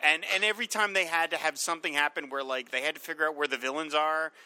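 Bright-voiced man in casual podcast chat. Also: a little high, animated, quick pace, hardly any pauses, no room sound. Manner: rambling, amused, restarts often. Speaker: podcast co-host.

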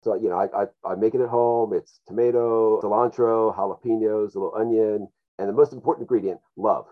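A man's voice: on the low side, steady tone, narrow, tinny audio. A man with a nasal voice from a cold, a podcast guest chatting with enthusiasm and frequent restarts. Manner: enthusiastic, quick, restarts often. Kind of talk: casual chat.

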